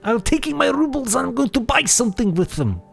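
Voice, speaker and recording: A man putting on a giddy Soviet fellow with a comic put-on Russian accent, his voice pitched high and sounding off-mic. He rambles excitedly in broken grammar about his cash. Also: brisk, gravelly, soft background music, heavily acted. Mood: giddy boasting. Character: boastful Soviet man dreaming of rubles.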